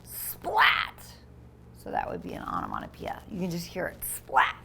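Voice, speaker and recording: A woman teacher reading a picture book aloud to young children, pausing to explain words and voicing the sound effects with lively expression. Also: on the low side, vocal fry, whispered.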